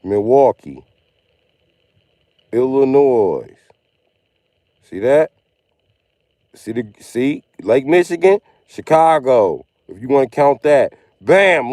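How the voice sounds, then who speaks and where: A man's voice: medium pitch, big pitch swings, slow, long pauses, darkish tone, dry recording, clean studio sound. A man livestreaming, ranting emphatically over a video with profane, repetitive commentary. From Missouri. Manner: profane, emphatic, repeats himself.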